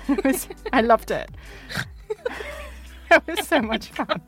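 A woman co-hosting a radio show in casual chat, playful and quick to giggle. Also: mid-range voice, lively intonation, soft background music. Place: radio studio.

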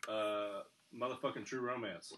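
A man's voice: on the low side, fairly even intonation, normal speed, fairly bright tone, slight background noise. A man joking and teasing his friends during a casual game. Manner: playful, teasing. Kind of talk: casual podcast game chat.

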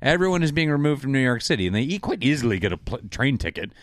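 A man casually discussing a film with friends, animated and mocking the characters in silly voices. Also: mid-range voice, quick pace, no echo, clean studio sound.

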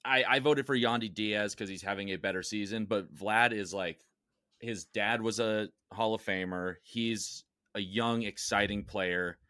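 A man with a slightly low voice co-hosting a podcast in upbeat, eager chat. He explains patiently and reacts with enthusiasm. The sound is dry and close on the mic. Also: fairly even intonation, a little slow, sharp tone, smooth, no room sound. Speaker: podcast co-host.

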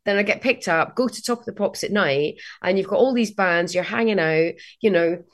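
A woman's voice: mid-range voice, fairly quick. A middle-aged Scottish woman guesting on a podcast, chatting casually, laughing often and acting out quotes. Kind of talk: casual chat.

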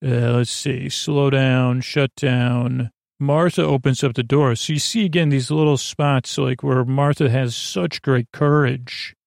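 A man with a gravelly, creaky voice recaps an episode on a podcast, rambling and filling gaps with uhs. His voice sits at an ordinary pitch, close and dry with no room sound. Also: fairly even intonation, measured pace, hardly any pauses, no room sound. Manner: rambling, many ums and uhs, loosely quotes characters. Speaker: podcast host.

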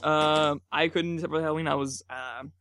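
A man's voice: on the high side, fairly even intonation, normal speed, a crowd in the background. A man in his twenties, a college student, chatting hesitantly on a podcast. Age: 20s. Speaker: podcast co-host. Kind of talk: casual chat.

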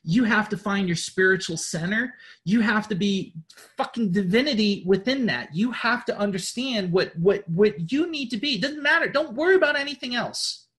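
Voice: medium pitch, expressive, moderate pace, a bit bright. A spiritual group leader gives a loose motivational talk to followers. The delivery is blunt and peppered with swearing. It rambles, doubles back on its own words and keeps pressing the listeners to act. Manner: blunt, profane, repetitive and rambling; insistent, urging listeners. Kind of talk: informal motivational address.

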